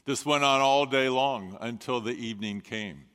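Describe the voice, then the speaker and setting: A man preaching a sermon as a pastor, telling the story in a measured way with dramatic pauses. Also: mid-range voice, a bit bright, clear, resonant tone. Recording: long reverb of a large hall.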